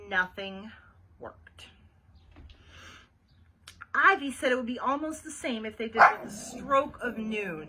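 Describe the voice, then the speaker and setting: A woman's voice: high voice, sharp tone, a little hiss or hum, rough recording. A woman librarian reading a children's chapter book aloud, adding chatty asides for young listeners.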